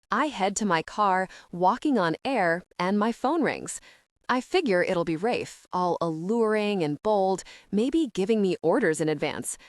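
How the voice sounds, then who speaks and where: A woman narrating a first-person audiobook in an expressive, upbeat storytelling manner. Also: medium pitch, no echo, studio quality.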